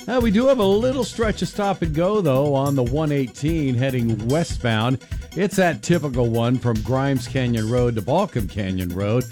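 A male traffic reporter runs through the roads in an easygoing, chatty way. His voice sits at an ordinary middle pitch, with a soft music bed beneath it. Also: lively intonation, normal speed.

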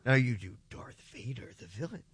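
A man in a relaxed chat with friends keeps the game moving. He pushes the others with quick prompts and laughs freely, in an everyday mid-pitched voice. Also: breathy edge. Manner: pushy, laughing, rapid-fire prompts. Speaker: game leader calling out impressions. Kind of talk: casual chat among friends.

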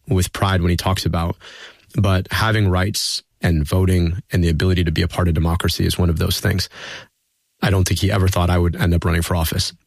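A man's voice: sits low, gravelly, no echo. A man, a political guest in an interview, telling personal stories in an earnest, reflective way. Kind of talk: conversational interview storytelling.

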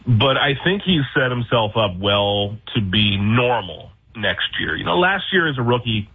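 Husky, lowish male guest, sarcastic and laid-back, calling in over a lo-fi line. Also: very animated, a little slow. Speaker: baseball beat reporter guest. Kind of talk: casual sports radio interview. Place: hotel room. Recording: dull lo-fi remote line.

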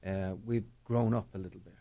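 A man's voice: low voice, steady tone, brisk, dark tone. An Irish man who grew up in Dublin, talking in an interview, rambling and repeating words with many fillers. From Ireland. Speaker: guest, storytelling organizer. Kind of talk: conversational interview.

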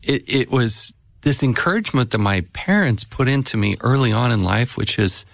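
A man's voice: mid-range voice, expressive, normal speed, creaky, a bit bright, no echo. A man hosting a casual conversation, asking short questions and reflecting on what he hears.

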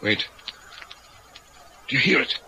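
An actor playing an eager older occult enthusiast in a radio drama, talking in an urgent, commanding way. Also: male voice, slow pace, pushed and bright, a little hiss or hum, rough recording. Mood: exultant.

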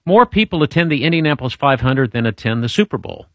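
A man's voice: mid-range voice, expressive, quick pace, a bit bright, no room sound, studio quality. A man hosting a casual trivia quiz, chatty and jokey, wandering through his explanations with restarts. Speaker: show host running a trivia quiz. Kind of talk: casual radio-style trivia chat.

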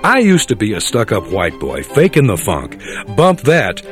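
A man's voice: fairly low pitch, huge pitch swings, moderate pace, loud music behind the voice. An actor playing a prim, stuck-up young man who speaks in stiff, overly polite phrases. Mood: boastful. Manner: stiff, overly polite, then repeating slang.

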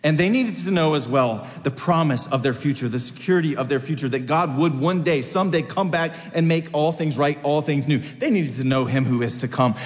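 A male preacher delivering a sermon in a church with a long, ringing reverb. His voice sits a little high for a man and drives points home by repeating phrases. He swings between urgent high peaks and low, quiet drops. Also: brisk, few pauses.

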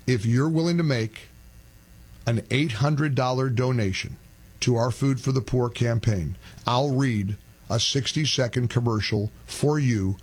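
An older man hosting a radio talk show, talking animatedly and rising to an emphatic pitch when he rants. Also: unhurried, darkish tone, slightly rough.

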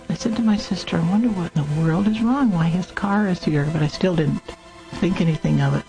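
A woman's voice: lowish voice, a little mellow, low-quality recording. An older woman being interviewed, telling a personal memory in a plain, earnest way. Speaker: interviewed mother of a fallen soldier. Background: faint music.

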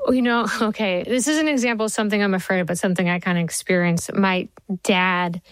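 A woman talking as an interview guest, an animated and chatty storyteller. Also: mid-range voice, quick pace, clean tone, no room sound, low-quality recording. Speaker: TV show creator.

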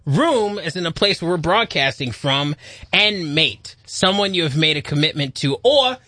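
A man's voice: a little high, sharp tone, dry recording. A man co-hosting a radio show, goofy and playful in casual banter. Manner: goofy, playful, drawn-out delivery. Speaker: radio co-host. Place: radio studio.

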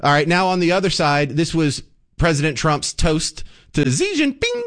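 Male talk radio host, casual joking monologue, animated delivery, studio mic. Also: fairly high pitch, moderate pace. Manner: joking, animated, with frequent restarts. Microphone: studio broadcast mic.

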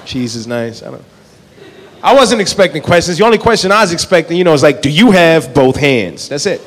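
A fast-talking man with a slightly high voice and lively intonation performs stand-up in a comedy club, telling absurd stories in a laid-back way and acting out both sides of the dialogue. Crowd noise and long reverb from the live venue surround him.

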